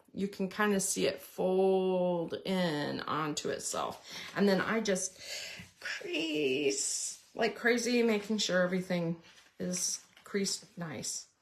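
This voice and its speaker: Slow, chatty woman demonstrating a craft. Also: mid-range voice. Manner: chatty, explains while working with hands. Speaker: card-making tutorial host. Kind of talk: casual crafting tutorial.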